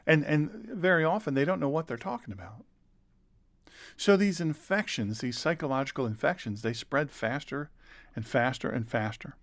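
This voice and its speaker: Older male pastor-host, middle pitch, earnest and conversational, repeats for emphasis, dry close mic. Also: expressive, normal speed, a bit bright, dry recording. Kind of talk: conversational sermon.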